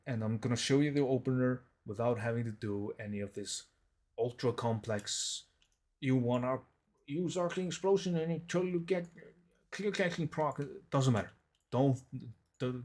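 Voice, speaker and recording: A man talking through a game guide in a relaxed, chatty way, upbeat and a little goofy, with playful beeps and boops. His voice sits at an ordinary middle pitch. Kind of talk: casual gameplay tutorial.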